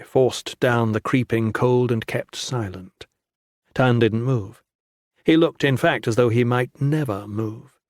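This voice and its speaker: A man reading a fantasy audiobook in measured, even scripted narration. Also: medium pitch, dry recording, clean studio sound.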